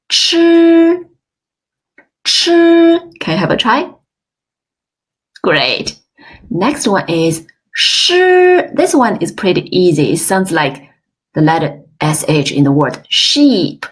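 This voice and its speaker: A woman teaching an online language class, modeling sounds slowly and with exaggerated tones, praising often. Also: lowish voice. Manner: slow, careful, exaggerated tone demonstrations; encouraging, frequent praise. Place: online webinar.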